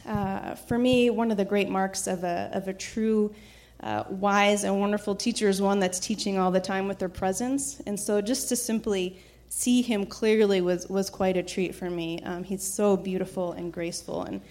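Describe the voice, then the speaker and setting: A woman telling a personal story in a casual, reflective way, with frequent fillers, restarts and soft laughs. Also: medium pitch, flat delivery, moderate pace.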